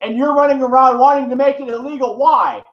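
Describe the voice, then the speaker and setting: Speaking briskly and at a very high pitch, this man vlogs while hurting, aiming a rambling, foul-mouthed, furious rant straight at the camera. The audio is muffled, low-fidelity, and full of room echo.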